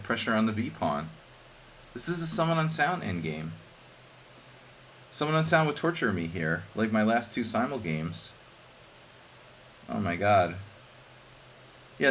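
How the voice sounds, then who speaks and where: A man's voice: fairly low pitch, a bit bright, slight background noise. A man casually commenting on his chess games during a live stream, joking with chat and thinking aloud over moves.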